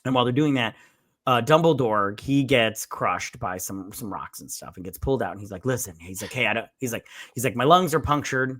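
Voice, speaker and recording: A man's voice: on the low side, brisk, fairly bright tone, no room sound. A man hosting a casual movie review chat, retelling scenes in a rambling way with profane asides. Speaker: podcast host.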